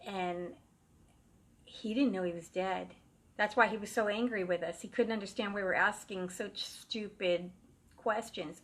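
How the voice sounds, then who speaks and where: A woman's voice: medium pitch, fairly bright tone. A woman telling a true ghost story in a casual, rambling way, full of fillers and restarts. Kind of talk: casual first-person storytelling.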